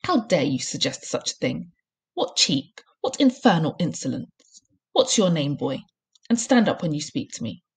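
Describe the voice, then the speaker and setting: A huge, cruel headmistress from a storybook barks commands and snaps insults, as a woman reading aloud puts her on. The voice sits low and a little husky, with a harsh, clipped bark. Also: big pitch swings, normal speed, exaggerated voice. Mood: scornful. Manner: barking, snapping commands. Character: huge bullying female headmistress, cruel and furious.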